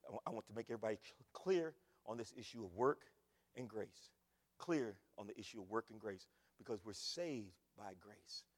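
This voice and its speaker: A man preaching a sermon as pastor, repeating phrases and swinging from loud bursts to quiet asides. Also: fairly low pitch, big-room sound. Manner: emphatic, repetitive preaching with big swings in loudness. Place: church.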